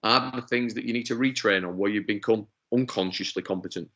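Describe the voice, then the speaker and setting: A man's voice: on the low side, brisk, pushed and bright, dull audio. Man giving a motivational talk. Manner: emphatic, rhetorical questions, acts out quotes. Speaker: presenter.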